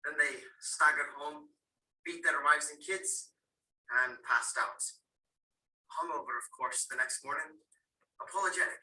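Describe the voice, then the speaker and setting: A young man with an Irish accent performing a dramatic solo as an Irish boy recalling his violent drunken father, swinging between hushed and loud. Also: a little high, unhurried, long pauses. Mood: bitter. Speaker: student competitor. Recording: roomy, far from the mic.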